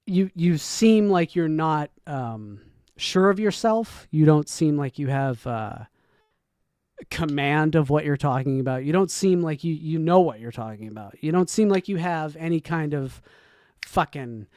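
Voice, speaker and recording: A man casually commenting as he reacts to a video, rambling and joking, swinging from low mumbles to loud whoops. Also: lively intonation, measured pace, dry recording, clean studio sound. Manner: frequent restarts and laughs, profane.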